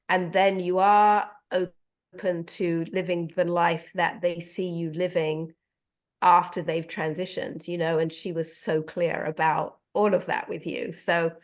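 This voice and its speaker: Middle-aged woman, animal communicator, soft emotional delivery with a slightly low voice, heard over a video call. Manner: gentle, emotional, many fillers. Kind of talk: heartfelt casual conversation.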